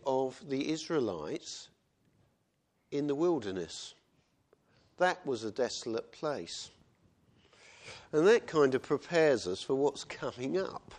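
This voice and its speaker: Guy preaching, chatty sermon, normal pitch, keeps going "isn't it". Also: darkish tone. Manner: conversational, with tag questions and acted quotes.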